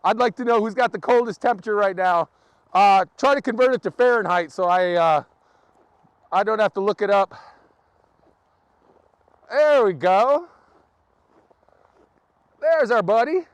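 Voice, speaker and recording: Speaking at a measured pace with long pauses, a man with a smooth, high-sitting voice runs a casual live vlog in freezing, snowy wind. He chats and laughs with his viewers, recorded by a camera on a tripod with no room sound.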